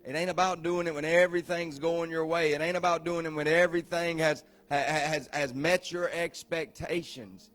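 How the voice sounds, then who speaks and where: A male pastor delivers a sermon in a loose, conversational way, often repeating words and tossing questions at the room. His voice sits a little high and swings between hushed, slowed passages and loud shouting. Soft music plays faintly behind him. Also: steady tone. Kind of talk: sermon to a recovery group.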